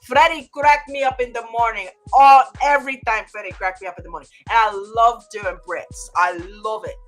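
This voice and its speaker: A woman's voice: fairly high pitch, steady tone, brisk, fairly bright tone, soft background music. An American woman hosting a live trading chat stream, playful and teasing, laughing often and greeting viewers by name. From United States.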